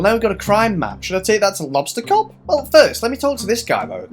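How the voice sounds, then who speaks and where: A woman's voice: medium pitch, huge pitch swings, fast, few pauses, faint music behind. A woman playfully narrating a video game, swearing freely and reading the characters' lines aloud. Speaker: let's play host. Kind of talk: casual gameplay commentary.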